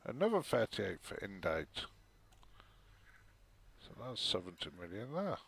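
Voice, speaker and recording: A man's voice: lowish voice, big pitch swings, measured pace, gravelly, fairly bright tone, husky. A man streaming a space trading game, chatting casually and muttering to himself as he plays. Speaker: gaming streamer. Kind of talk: casual gameplay commentary.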